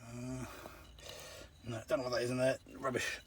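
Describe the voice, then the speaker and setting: In a very noisy recording, a man digs in an outdoor pit to expose an old shelter, filming himself on a handheld camera. Out of breath from bending, he gives chatty commentary with muttered, trailing asides, in a medium-pitched voice with little pitch movement at normal speed.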